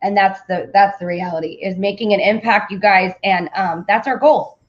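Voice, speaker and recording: A woman's voice: medium pitch, moderate pace, lo-fi sound. A woman hosting a casual live morning show, chatty and upbeat, talking straight to her viewers. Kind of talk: casual live-stream chat.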